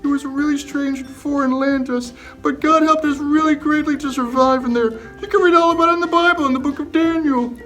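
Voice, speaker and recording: A man playing the Bible hero Daniel as a cheerful storyteller for children, retelling his story with excited emphasis. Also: extremely high pitch, a little fast, hardly any pauses, soft background music, voice pushed up, poor audio. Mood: upbeat.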